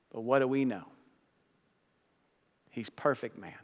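Male pastor, sermon, dramatic swings from hushed to loud, mid-pitched voice, long hall reverb. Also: unhurried, long pauses.

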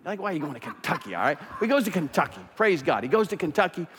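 A man preaching a sermon as pastor, swinging from quiet, intimate stretches to loud, fired-up passages. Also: fairly high pitch, sing-song, rapid-fire, in a large hall, a little hiss or hum.

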